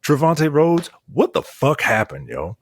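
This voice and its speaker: A man's voice: a little high, wildly swooping pitch, measured pace, breathy edge, no room sound. A man co-hosting a casual movie review podcast, blunt and profane, hammering his points with emphasis. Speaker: podcast co-host.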